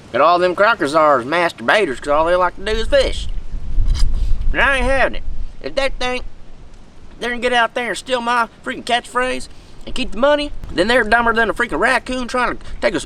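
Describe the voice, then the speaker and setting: A man's voice: high voice, sharp tone, distant mic, slight background noise, full character voice, rough recording. A man playing an aggrieved, rambling redneck in a comedic monologue, with a tobacco dip in his mouth. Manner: rambling, folksy, loses his thread.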